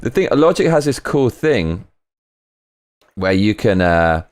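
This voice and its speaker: A man streaming live while producing a track, casual and excitable, reading chat aloud and swearing. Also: on the low side, takes it slowly. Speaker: streamer making music live.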